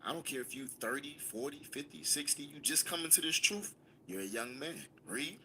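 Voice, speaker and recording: Guy running a scripture class, punchy and emphatic, bouncy lively pitch. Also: moderate pace, slight background noise. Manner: emphatic, commanding, call-and-response. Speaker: Bible class teacher.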